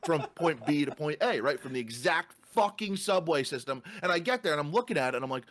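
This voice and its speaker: A man's voice: fairly high pitch, lively intonation, quick pace, fairly bright tone. A man co-hosting a podcast in casual chat, swearing freely and ranting through stories. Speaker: podcast co-host.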